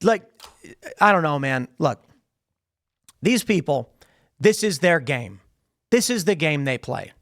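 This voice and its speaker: Animated, high-pitched man ranting. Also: slow pace, pauses often. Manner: emphatic and mocking, repeats phrases for effect. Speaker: podcast host. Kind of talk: ranting commentary monologue.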